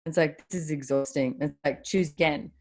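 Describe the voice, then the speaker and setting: A woman's voice: low-pitched, brisk, darkish tone. A woman hosting a live video call, giving a chatty motivational talk with casual swearing. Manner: chatty, swears casually, quotes her own thoughts.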